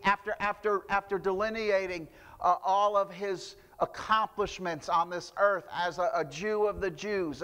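A man's voice: sits high, a bit bright, long reverb tail. A man preaching a sermon, telling stories with frequent restarts and fillers. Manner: storytelling with repeated restarts and fillers. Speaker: pastor.

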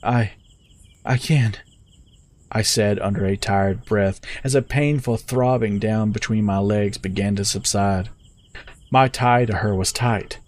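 A man telling a story in the first person with steady, measured scripted narration. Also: on the low side.

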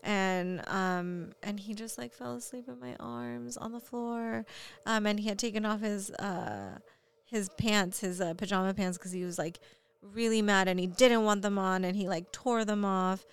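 Young mom, casual chat, clear smooth voice, candid storyteller with lots of fillers. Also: female voice, mid-range voice, fairly even intonation, unhurried. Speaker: parent.

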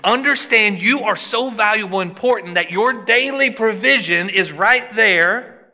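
High, bright-voiced preacher in a hall. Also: male voice, normal speed. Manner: animated preaching, voice rising and dropping for emphasis. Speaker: pastor. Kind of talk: sermon. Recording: long hall reverb.

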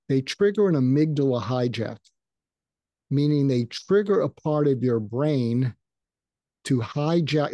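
An older man talks through advice in a relaxed, mellow voice, now and then acting out sample lines with a lift in pitch. The recording is close and dry, with no room sound around him. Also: no echo. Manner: explanatory, acts out sample lines in a raised voice. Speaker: psychiatrist guest. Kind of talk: conversational advice in a podcast interview.

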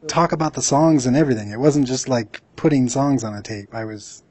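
A man with a husky voice recorded dry and close to the mic. He talks in a relaxed, self-mocking way and chuckles at himself. It sounds like a casual podcast conversation. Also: mid-range voice, brisk, no echo.

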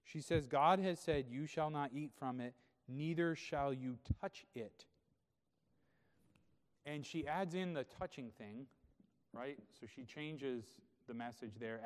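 A man's voice: medium pitch, darkish tone, smooth, big-room sound. A man preaching a sermon as pastor, explaining scripture in a conversational way and often checking in with rhetorical questions.

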